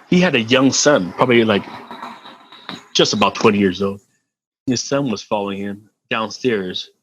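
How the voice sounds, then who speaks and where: A middle-aged man, a podcast guest, telling a story in a casual, animated way, laughing and swearing freely and often repeating words. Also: lowish voice, slight background noise, rough recording.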